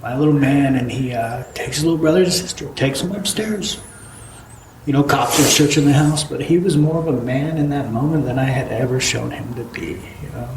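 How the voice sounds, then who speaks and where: A middle-aged man, a former student now on staff, giving a halting personal testimony with many fillers. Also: medium pitch. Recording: echoey room with clear background noise.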